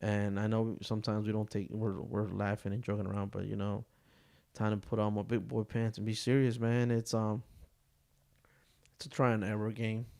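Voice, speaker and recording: A man's voice: lowish voice, moderate pace, vocal fry. A young man co-hosting a casual podcast, joking and swearing as he chats. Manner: joking, swears freely, animated storyteller. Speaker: podcast co-host. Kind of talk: casual chat.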